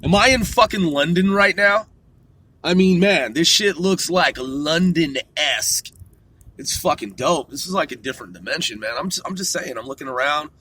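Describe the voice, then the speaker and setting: A man's voice: fairly high pitch, lively intonation, normal speed, sharp tone, slightly rough. A man hosting a rambling solo talk from a car, loose and profane, laughing at himself. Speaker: podcast host.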